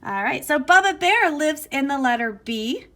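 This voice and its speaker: A woman teacher giving an online phonics lesson to young children in a slow, sing-song, encouraging way, recorded on her device's camera mic. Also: sits high, lively intonation, bright, forceful tone.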